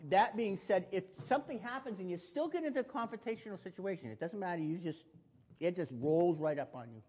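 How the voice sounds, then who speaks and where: A man giving a spoken lesson on staying safe, animated and acting out the exchanges he describes. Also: a little high. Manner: animated, acts out quoted exchanges. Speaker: self-defense instructor. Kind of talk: spoken teaching talk. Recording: long reverb of a hall.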